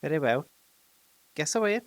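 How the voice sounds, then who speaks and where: A man voicing a small, frightened male hobbit who squeaks his words out high and nervous. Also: animated, normal speed, dry recording. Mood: brisk. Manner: squealing when scared. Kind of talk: storybook reading.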